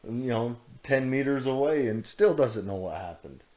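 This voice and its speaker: A man's voice: mid-range voice, animated, normal speed, mellow. Man, podcast co-host, rambling joking storyteller, casual chat. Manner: rambling, jokey storytelling with laughs.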